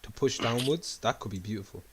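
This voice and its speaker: A man hosting a trading livestream, chatting casually and walking through chart setups in a relaxed, low-key way. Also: fairly quick, a little hiss or hum. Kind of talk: casual chat and chart analysis.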